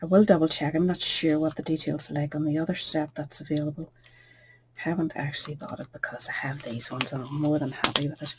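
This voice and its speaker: A woman giving a casual, chatty card-making tutorial, with soft asides under her breath. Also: low voice, fairly even intonation, brisk, slight background noise.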